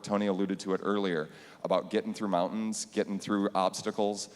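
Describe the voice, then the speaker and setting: A deep-voiced man who teaches band shares an earnest story on a church panel. He acts out the quotes as he goes, and his voice carries a long hall reverb from the church sanctuary. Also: steady tone, normal speed, a little mellow.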